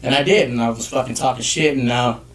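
A man's voice: mid-range voice, fast, fairly bright tone. A man, a guest photographer, telling stories in a brash, profane, casual podcast chat. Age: adult with children.

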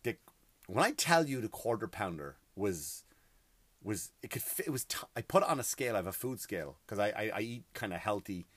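A middle-aged host ranting about everyday hassles in an exasperated, profane, emphatic way. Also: male voice, fairly low pitch, sing-song, brisk, a bit bright, husky, no room sound. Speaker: podcast host. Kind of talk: comedic rant.

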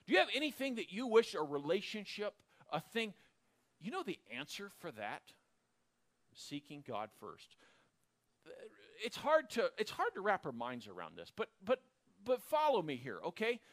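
A man teaching a sermon, reading scripture aloud and getting excited enough to shout at times. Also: sits high, normal speed. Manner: animated, bursts into excited shouting; reads scripture aloud, acts out quoted voices. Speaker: Bible teacher.

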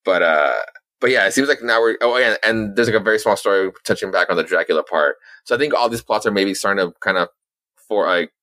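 Young guy podcaster rambling about comics, swears a bunch, bright punchy voice. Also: on the low side, fast, no echo. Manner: rambling, swears a lot, many fillers and restarts. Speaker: podcast co-host. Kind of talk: casual comic book chat.

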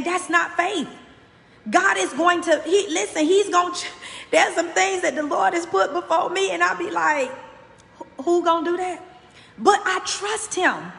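A woman's voice: extremely high pitch, vocal fry, fairly bright tone, roomy sound, in a large hall. A woman hosting a motivational faith podcast, giving a fervent, preacherly message straight to her listeners.

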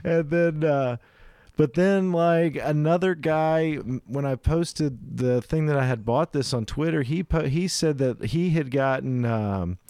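A man's voice: a little high, a little slow, dark tone, smooth, dry recording, studio quality. A man co-hosting a casual chat, telling a long anecdote and voicing the people in it. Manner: rambling anecdotes with acted-out quotes.

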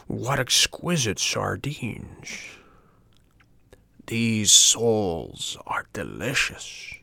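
A man voicing a huge, greedy, green lizard-like ogre fisherman in a storybook reading, drawing out his words slowly as he gloats. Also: on the low side, creaky, sharp tone, no room sound, full character voice. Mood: gloating, savoring. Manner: slow, drawn-out, gloating and relishing.

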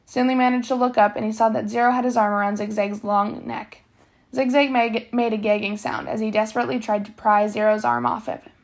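A woman's voice: a little high, brisk. Woman reading a novel aloud, with slips. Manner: steady reading, with slips and self-corrections. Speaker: reader.

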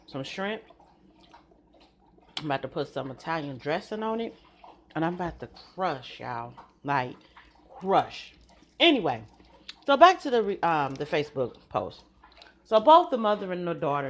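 A woman's voice: on the low side, sing-song, normal speed, pauses often, slight background noise. Chatty woman talking to y'all. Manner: chatty, addresses listeners as y'all. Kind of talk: casual monologue.

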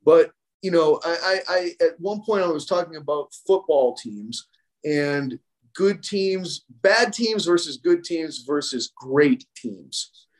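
A man with a slightly high-pitched voice, speaking as a coach on a podcast. His delivery is casual and blunt, heavy on "like" and built on repeated phrases that stack up for emphasis. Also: takes it slowly. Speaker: strength coach and podcast guest. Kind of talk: casual conversational explanation.

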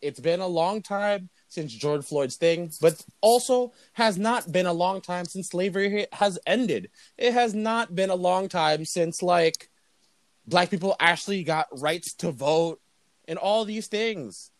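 High-voiced young man, profane joking podcast chat. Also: unhurried, dry recording. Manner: loose, profane, joking rants. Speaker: podcast co-host. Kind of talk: casual crude podcast chat.

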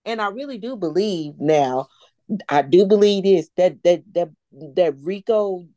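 A woman hosting a casual gossip chat, animated and swooping up high when she quotes people. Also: a little slow, no echo, studio quality. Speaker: host.

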